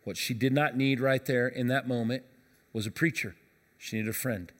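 A man pastor preaching a sermon, telling a story softly and then rising into emphatic preaching. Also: medium pitch, steady tone, normal speed. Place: church auditorium. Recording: long reverb of a large hall.

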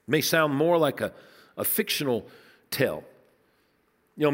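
A man preaching a sermon, telling stories in a conversational way and dropping low and soft to stress points. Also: long reverb tail. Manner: storytelling, conversational, dips low and soft for emphasis. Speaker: pastor.

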